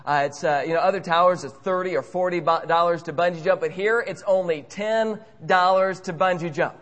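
A man voicing an excitable, pushy young man who eagerly talks others into things. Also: sits high, brisk, long reverb tail.

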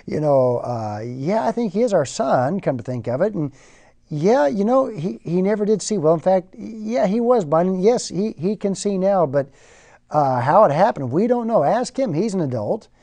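A man's voice: high-pitched, big pitch swings, moderate pace, warm tone, pitched above the performer's own voice. A man voicing a nervous, evasive parent who stammers and hedges while dodging questions. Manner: hesitant, stammering.

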